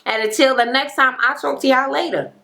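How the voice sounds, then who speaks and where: A woman's voice: high voice, fairly even intonation, a little fast, vocal fry, sharp tone. A woman recapping a reality TV episode in a blunt, slangy, profane casual way. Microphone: camera mic.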